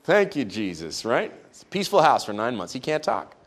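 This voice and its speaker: A man's voice: medium pitch, sing-song, a little fast. A man preaching a sermon, retelling a story in a conversational way with playful asides.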